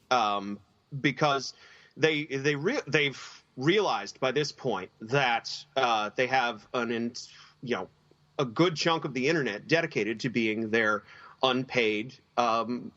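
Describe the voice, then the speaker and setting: A man co-hosting a casual podcast discussion, blunt and forceful, swearing freely. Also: medium pitch, slow pace, dull audio. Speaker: podcast co-host.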